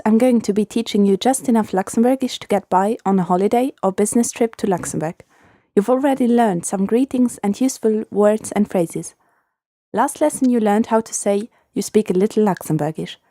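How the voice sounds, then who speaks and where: A woman hosting a short scripted language lesson, speaking clearly and patiently and repeating phrases slowly for learners. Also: medium pitch, warm tone, dry recording, studio quality.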